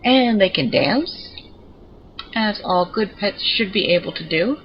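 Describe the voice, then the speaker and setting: A woman with an expressive, mid-range voice gives unhurried, chatty commentary while showing off her pets in a video game, drifting into digressions often. The audio is dull, with a little hiss or hum.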